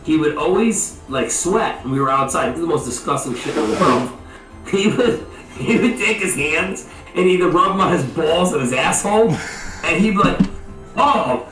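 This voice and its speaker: A man's voice: on the high side, expressive, normal speed, fairly bright tone. A man in his thirties, co-hosting a podcast, telling crude stories with lots of swearing and laughter over a remote call. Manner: rambling, laughing, swears a lot. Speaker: podcast co-host. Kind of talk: casual crude chat. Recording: roomy echo, distant from mic, faint music.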